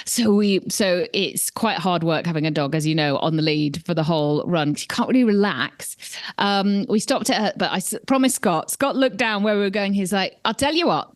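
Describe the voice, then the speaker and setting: A woman's voice: on the low side, moderate pace, no echo. A woman in her forties, co-hosting a podcast in casual chat, telling stories in a chatty way and laughing often. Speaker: podcast co-host.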